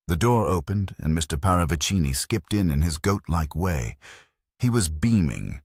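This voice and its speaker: A man reads a mystery novel aloud in a measured, dramatic way. His voice is extremely deep and husky, with a lively, wide-ranging delivery. The recording is dry and close. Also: dry recording. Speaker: narrator. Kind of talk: audiobook narration.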